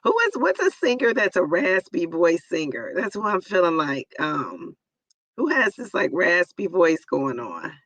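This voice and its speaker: A hoarse, raspy woman in her forties hosting a live stream, chatting casually and greeting viewers by name. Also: fairly low pitch, very animated, unhurried, fairly bright tone, no echo, rough recording. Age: 40s.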